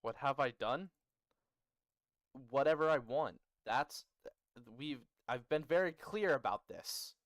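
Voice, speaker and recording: A male streamer with a smooth, clear voice and a slow, easy pace talks his chat through grammar. He jokes and laughs with them as he goes. The sound is dry and close, with no room on it. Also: mid-range voice, lively intonation, fairly bright tone, no room sound. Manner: jokey, bantering with chat, laughs often. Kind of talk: casual livestream teaching about building a language.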